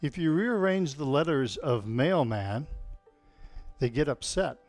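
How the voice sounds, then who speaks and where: At home alone with no live audience, a man with a slightly high voice slowly cues tai chi moves over soft background music. His live-streamed exercise class mixes calm movement cues with deadpan puns.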